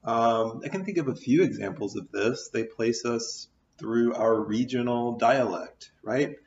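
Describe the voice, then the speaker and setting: A man's voice: mid-range voice, measured pace, darkish tone, distant mic, slight background noise. Man giving a recorded lecture, dull roomy sound. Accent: American English. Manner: thoughtful, with many ums and restarts. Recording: dull, roomy, mic set back.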